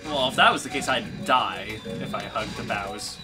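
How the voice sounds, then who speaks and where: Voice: medium pitch, moderate pace. Wisecracking let's-play co-host. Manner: joking, deadpan wisecracks. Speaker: co-host of a game playthrough. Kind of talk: casual let's-play chat. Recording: game music under the voice. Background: game music.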